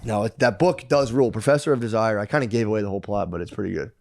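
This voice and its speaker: A man co-hosting a podcast, retelling a book in a rambling, animated way, full of "dude" and "like". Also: fairly low pitch, very fast, creaky. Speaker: podcast co-host. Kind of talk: casual chat, retelling a book.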